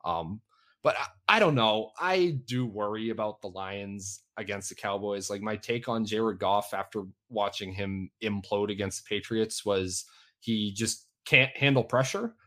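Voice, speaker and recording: Male podcast co-host, lowish voice, laid-back and halting, casual chat. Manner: relaxed, self-deprecating, halting with restarts. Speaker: fantasy football podcast co-host.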